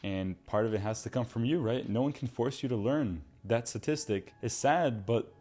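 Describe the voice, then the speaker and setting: A man's voice: mid-range voice, moderate pace. A man in his twenties giving a casual, earnest motivational talk to viewers, now and then mocking others in a put-on voice. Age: 20s. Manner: earnest, animated, talks to viewer as "bro"; mocks friends in put-on voices. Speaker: self-improvement video host.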